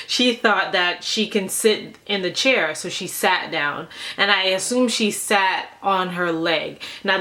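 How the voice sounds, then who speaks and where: A young adult woman vlogger telling a story to the camera in an animated, conversational way, rambling and restarting her sentences. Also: medium pitch.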